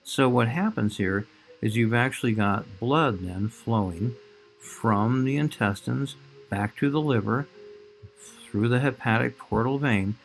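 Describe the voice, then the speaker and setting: A man's voice: medium pitch, unhurried, faint music behind. A man teaching a recorded biology lecture, explaining slides and speaking directly to his students.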